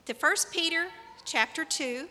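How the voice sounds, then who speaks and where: A woman delivers a sermon in a church sanctuary. She talks in a conversational way and puts questions to the congregation. Her voice is bright and ringing, and a long reverb trails behind it in the hall. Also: high voice, unhurried, slight background noise. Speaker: preacher.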